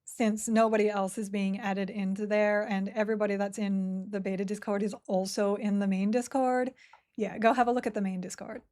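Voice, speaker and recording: A woman's voice: medium pitch, flat delivery, a little fast, darkish tone. Giggly woman streaming a game. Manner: chatty, giggly, self-mocking. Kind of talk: casual live-stream chat while playing.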